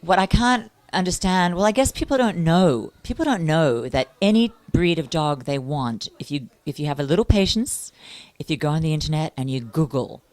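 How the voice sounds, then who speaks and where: A woman with a notably low, deep voice speaks earnestly as an interviewer and activist. She talks at length in a casual way, with the sound close and dry. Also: lively intonation, moderate pace, hardly any pauses, a little mellow, dry recording. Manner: earnest and talkative, with fillers and restarts. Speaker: interviewer and animal welfare activist.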